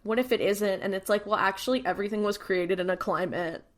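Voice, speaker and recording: A woman's voice: medium pitch, quick pace. A woman co-hosting a casual podcast, adding dry, wry asides. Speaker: podcast co-host. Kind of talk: casual chat.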